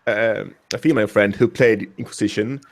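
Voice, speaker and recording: A man on a casual panel, telling a story with lively acted-out quotes. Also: on the low side, normal speed. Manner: animated, acting out quotes. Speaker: panel guest.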